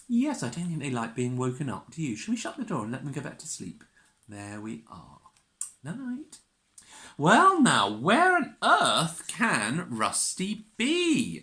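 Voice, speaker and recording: A woman reading a picture book to young children, animated and sing-song, asking her listeners questions. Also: low voice. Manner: makes animal noises and gasps. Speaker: children's storyteller. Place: church. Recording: roomy church echo.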